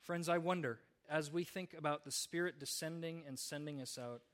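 A man's voice: on the high side, moderate pace, a bit bright. A man preaching a sermon, telling stories in an earnest way with small restarts. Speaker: pastor.

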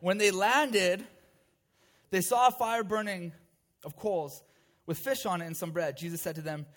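High-voiced man preaching a story sermon. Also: measured pace, a bit bright. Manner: vivid storytelling with conversational asides. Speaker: pastor.

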